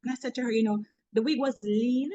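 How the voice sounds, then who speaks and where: A woman's voice: on the high side, steady tone, quick pace, mellow, muffled recording. A woman with a Jamaican accent, a motivational speaker in a webinar talk, humorous and preachy, telling stories from work.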